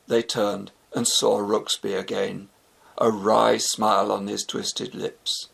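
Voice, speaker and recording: Slow, gravelly British male narrator. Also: lowish voice. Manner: slow, clear, expressive. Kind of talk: storybook narration for learners.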